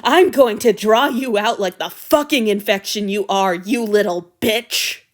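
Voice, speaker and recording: A woman's voice: high voice, animated, measured pace, pitched above the performer's own voice. A woman voicing a possessive, violent vampire man. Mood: snarling. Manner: snarling, then falsely soothing. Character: centuries-old male vampire, possessive, violent. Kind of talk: fan fiction reading.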